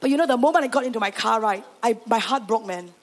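A Singaporean woman pastor telling her story in a sermon, animated and sprinkling in Singlish particles. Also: on the high side, fast talker, slight background noise. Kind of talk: sermon testimony.

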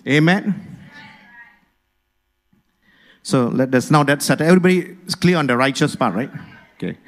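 A man's voice: medium pitch, normal speed, pauses often. A male pastor preaching a sermon, energetically urging the congregation to repeat after him and respond.

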